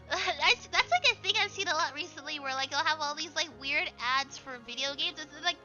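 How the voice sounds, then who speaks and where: A young woman with a squeaky voice, chatting casually and laughing often while she draws on a livestream. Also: moderate pace, pushed and bright. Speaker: streamer. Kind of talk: casual chat while drawing on stream. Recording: dull lo-fi stream audio with faint music.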